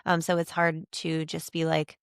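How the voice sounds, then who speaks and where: Chatty lady host, kinda low and gravelly, gushes a lot, dry mic. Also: completely flat delivery, moderate pace, dry recording. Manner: chatty and effusive, many fillers. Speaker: podcast host. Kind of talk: casual faith conversation.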